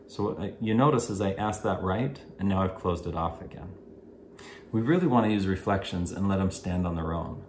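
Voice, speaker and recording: A man giving an instructional talk on listening skills to parents, in a measured, explanatory way. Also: low voice, darkish tone. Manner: measured, explanatory, gives spoken examples. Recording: echoey room with faint hiss.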